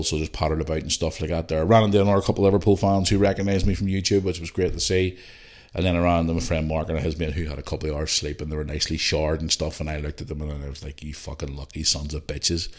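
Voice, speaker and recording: With a deep, darkish voice, this middle-aged Northern Irish podcast host spins a meandering, expletive-filled story in a casual storytelling chat. He speaks to his listeners as guys.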